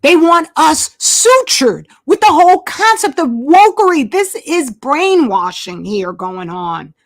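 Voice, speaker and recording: Host type: high, expressive woman; repeats for emphasis; dry close-mic sound. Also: slow, no echo. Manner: emphatic, repeats herself, asides while searching screen. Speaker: channel host. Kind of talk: casual monologue to viewers.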